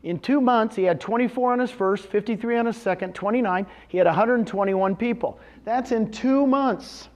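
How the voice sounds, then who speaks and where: An energetic middle-aged man giving a motivational business talk, firing questions at the audience and answering them himself. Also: high voice, moderate pace, few pauses. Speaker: real estate brokerage executive speaking at a company event.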